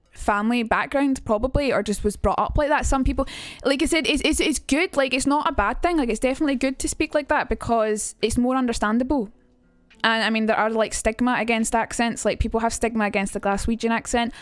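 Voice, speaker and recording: A woman's voice: a little high, clear, resonant tone, dry recording. A young Scottish woman teaching on a casual livestream, chatty and blunt, swearing freely. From Scotland. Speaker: streamer.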